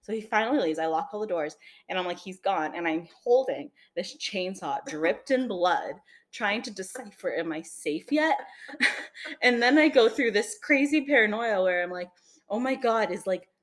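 A woman's voice: medium pitch, expressive, moderate pace. A young woman co-hosting a podcast, telling a long story in casual chat, acting out quotes and peppering her talk with fillers. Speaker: podcast co-host.

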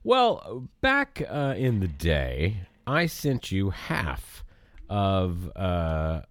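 A man with a deep voice co-hosting a casual movie podcast. His pitch swoops up and down as he talks at an unhurried pace, playfully quizzing his friend like a game-show host. The sound is dry and close. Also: huge pitch swings, no room sound. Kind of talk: casual movie-discussion chat.

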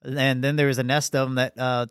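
A man's voice: mid-range voice, flat delivery, fairly quick, a bit bright, clean tone, no echo, clean studio sound. A young man co-hosting a podcast, telling rambling, profanity-filled stories in casual chat. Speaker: podcast co-host.

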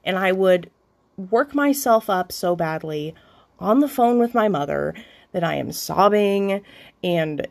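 A woman's voice: mid-range voice, animated, creaky, a little mellow. A young adult woman hosting a podcast, telling a personal story in a candid, confessional way, with restarts and occasional swearing. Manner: halting, with frequent restarts. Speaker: podcast host.

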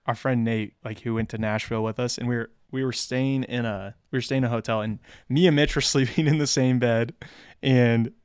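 A man's voice: mid-range voice, steady tone, brisk, smooth, no room sound, clean studio sound. A young man, co-host of a podcast, telling a rowdy story in casual chat, swearing and laughing as he goes.

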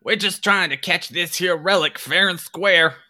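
A man's voice: high voice, unhurried, bright, forceful tone, pitched above the performer's own voice, full character voice. A man voicing a blustering, folksy male poacher with a drawl. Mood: indignant.

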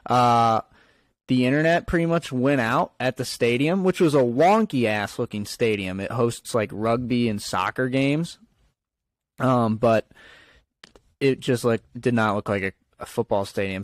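On a podcast, a male co-host rambles through a relaxed football conversation, leaning heavily on fillers and frequently restarting. His voice sits in the mid range, with no room sound in the recording.

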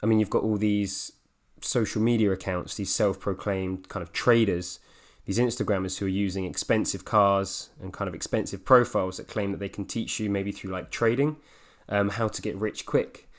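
A man interviewing a guest on a podcast, speaking in a measured way with frequent fillers. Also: on the low side. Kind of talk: podcast conversation.

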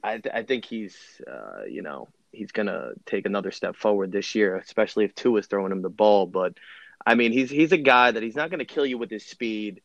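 A man's voice: on the low side, animated, brisk, gravelly, no room sound, lo-fi sound. A young man appearing as a guest on a sports podcast, rambling and hesitant, full of fillers. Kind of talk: casual sports chat.

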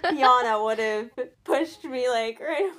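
Brief: young woman, chatty and self-mocking, bright higher voice. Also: slow. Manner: rambling, animated, self-deprecating. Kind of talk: casual fan chat.

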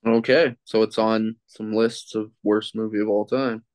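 A man's voice: fairly low pitch, level tone, a little slow, a little mellow, dry recording. A man who is a guest on a podcast, chatting in an easygoing way and hedging his opinions. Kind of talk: casual chat.

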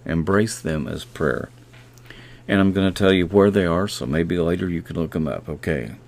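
A man hosting a devotional podcast, reading Bible verses slowly and repeating key phrases. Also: low-pitched, creaky, darkish tone. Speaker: podcast host.

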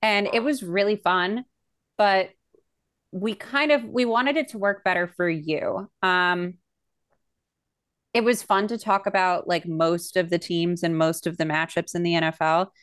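A young woman co-hosting a podcast, talking in a rambling, gushing way full of fillers. Her voice sits a little low for a woman. The microphone sound is close and dry. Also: measured pace, a bit bright, smooth, no echo. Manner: chatty, gushing, lots of fillers. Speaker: podcast co-host. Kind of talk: casual chat.

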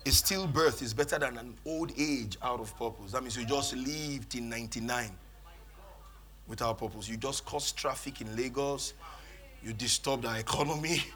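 A man's voice: mid-range voice, a bit bright. A man preaching a sermon in church, leading the congregation in call-and-response. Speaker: pastor.

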